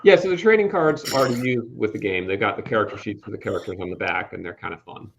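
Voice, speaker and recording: A man, a game designer, talking in a relaxed casual chat. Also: on the low side, fast, creaky, a little hiss or hum.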